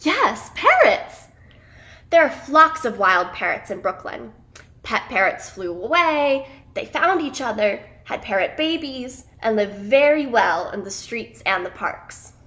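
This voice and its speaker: A woman telling a children's story in an expressive, animated way. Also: fairly high pitch, measured pace.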